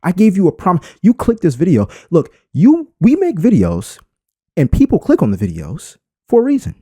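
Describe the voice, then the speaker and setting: A man's voice: sits high, huge pitch swings, moderate pace, warm tone, slightly rough, no echo, studio quality. A man giving an unscripted screen-recorded tutorial and talking straight to his viewers. He leans hard on emphasis and shifts his inflection on purpose. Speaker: YouTube creator.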